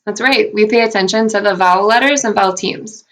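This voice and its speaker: A woman teacher leads a recorded phonics lesson for first graders. Her voice sits at an ordinary middle pitch. She talks slowly and clearly, stays upbeat and encouraging, and carefully sounds out each letter and syllable. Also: fairly bright tone.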